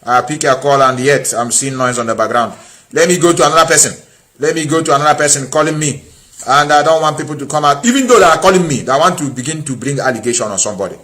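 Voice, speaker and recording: A man's voice: a little high, lively intonation, fast talker, a bit bright. A man hosting a live call-in stream, combative and repeating his points for emphasis. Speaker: live-stream host taking calls. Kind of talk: heated call-in talk.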